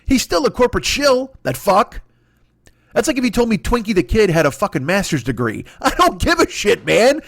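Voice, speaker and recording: A man's voice: high voice, very animated, moderate pace, creaky, fairly bright tone, no echo, studio quality. A man doing a solo comedy podcast rant, profane and exasperated. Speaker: comedian host.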